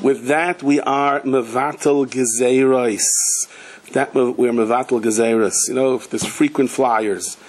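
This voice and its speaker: A man giving a Torah class as a rabbi, telling parables with animated delivery and acting out the people in his stories. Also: medium pitch, normal speed, rough recording. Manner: animated storyteller, slips into character voices and Hebrew and Yiddish terms.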